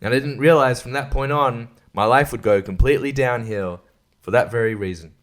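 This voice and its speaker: A man's voice: medium pitch, a little fast. A man hosting a casual solo podcast, rambling and crude, swearing and laughing often. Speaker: podcast host.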